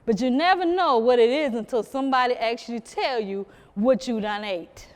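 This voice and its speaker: In a museum program room, a woman from South Carolina tells stories to a live audience, her voice a little high and her speed normal. Her delivery is lively, and she teases the crowd as she speaks directly to them, with big-room acoustics around her.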